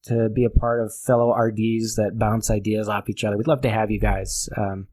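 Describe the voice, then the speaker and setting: A man from New Hampshire, a race director, chatting casually as a podcast guest, swearing freely and often pausing with fillers. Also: on the low side, little pitch movement, darkish tone. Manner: laid-back, swears casually, halting fillers.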